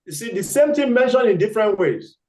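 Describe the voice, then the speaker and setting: A man's voice: high-pitched, expressive, fairly quick, darkish tone. A man teaching a scripture class, who quizzes his students and repeats key words for emphasis. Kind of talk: class lecture. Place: temple hall. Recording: echoey hall.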